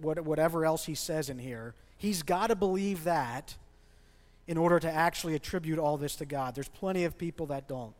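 A male pastor in his thirties preaching a sermon with passion, pushing hard on his key points. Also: fairly high pitch. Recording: long hall reverb.

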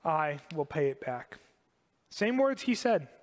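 A man preaching a sermon to a congregation, animated and emphatic, repeating key phrases. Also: fairly high pitch, takes it slowly, long reverb tail. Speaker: pastor.

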